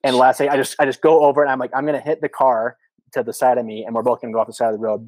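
A man's voice: mid-range voice, racing, dry recording, rough recording. A man in his thirties telling a story as a podcast guest, full of "like" fillers and acted-out quotes. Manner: animated storyteller, many "like" fillers, acts out quotes. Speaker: podcast guest, former missionary. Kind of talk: casual storytelling.

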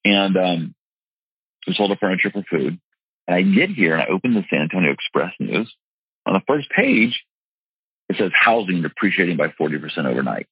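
Low, gravelly, slightly husky man; earnest interview storyteller, emphatic with lots of restarts; dry, dull sound. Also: sing-song, brisk, dry recording. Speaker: real estate investor and seminar teacher. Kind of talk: candid personal storytelling in an interview.

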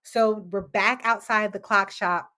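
A woman's voice: medium pitch, a little slow. A woman co-hosting a casual podcast, recapping a TV episode scene by scene and acting out the characters' lines with casual swearing. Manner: animated, acts out quotes, swears casually. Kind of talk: casual chat.

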